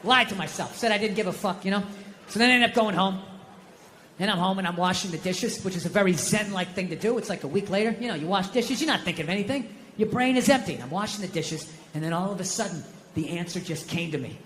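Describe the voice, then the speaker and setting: An American man doing a stand-up routine, ranting sarcastically with profanity and sudden shouts, on a theater stage. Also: high voice, expressive, quick pace. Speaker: stand-up comedian. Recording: long hall reverb, faint noise.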